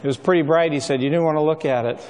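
A man's voice: a little high, very fast, noisy background. A middle-aged man giving a sermon, telling stories in a conversational way with frequent ums and uhs. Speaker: speaker. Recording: long reverb of a large hall.

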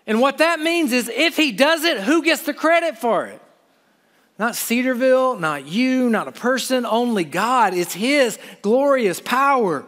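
Male preacher, high voice, impassioned and pleading; reverberant hall sound. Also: animated, a little slow, a bit bright. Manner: impassioned, pleading, conversational asides. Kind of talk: sermon.

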